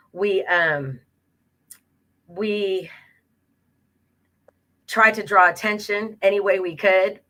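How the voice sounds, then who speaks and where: A woman, a local progressive club president, telling a campaign story casually, with many fillers and acted-out quotes. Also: lowish voice. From Los Angeles area, California. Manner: animated, many fillers, acts out quoted exchanges. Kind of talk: casual storytelling on a web talk show.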